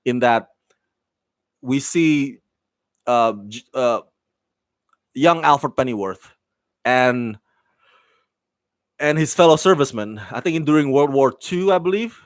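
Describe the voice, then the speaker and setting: A man's voice: medium pitch, expressive, slow, pauses often, no echo. A man giving a casual spoken review of a TV show, enthusiastic and rambling, with many fillers, restarts and laughs.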